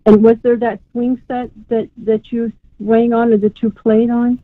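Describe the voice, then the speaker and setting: A woman's voice: on the high side, level tone, measured pace, no room sound. A woman psychic medium giving a live reading on a radio call-in show, talking in a rambling way and calling the caller sweetheart. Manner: warm, rambling, uses endearments like sweetheart. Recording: tinny phone line.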